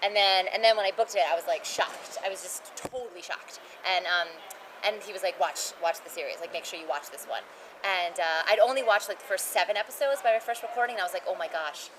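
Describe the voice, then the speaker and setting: A woman voice actress chatting casually as an interview guest, lively and quick, jumping to high-pitched bursts when she acts out quotes. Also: background noise. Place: convention venue.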